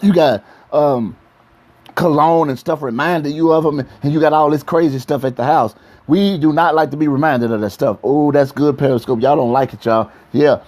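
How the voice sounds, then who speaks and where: A man's voice: fairly high pitch, normal speed, a little mellow. A man, a pastor, preaching casually to live-stream viewers about relationships, playful and repetitive, talking straight to his audience. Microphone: phone live stream.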